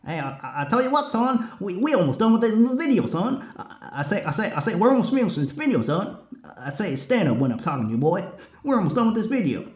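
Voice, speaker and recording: A blustering southern cartoon rooster. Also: male voice, sits high, big pitch swings, quick pace, darkish tone, pitched above the performer's own voice. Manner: stammering repeated "I say", bossy drawl. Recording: roomy echo.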